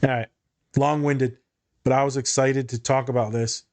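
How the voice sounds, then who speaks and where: At medium pitch and a moderate pace, a male therapist trades client stories on a casual podcast. His storytelling is profane and lively, full of acted-out quotes.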